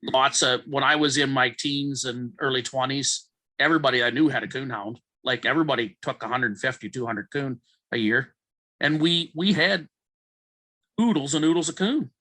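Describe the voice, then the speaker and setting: A man's voice: medium pitch, normal speed, pushed and bright, dry recording, poor audio. A man from Ontario, Canada, a trapper speaking as a guest in a casual interview, plainspoken and matter-of-fact.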